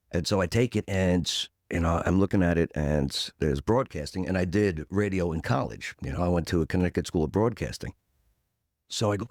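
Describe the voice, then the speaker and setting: A man's voice: a little fast, dry recording, studio quality. A man in his forties, a podcast guest, telling a punchy story and acting out the voices of others. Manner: animated storyteller who acts out quotes; punchy, peppers story with "boom".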